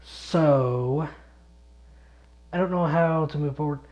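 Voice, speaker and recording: A man's voice: fairly high pitch, slow, darkish tone. A young man hosting a late-night solo gaming podcast, sleepy, rambling and swearing, losing his thread as he goes. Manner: rambling, swears a lot, chuckles often, loses his thread. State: sleepy, yawning. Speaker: podcast host and gaming YouTuber. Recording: dull lo-fi home recording.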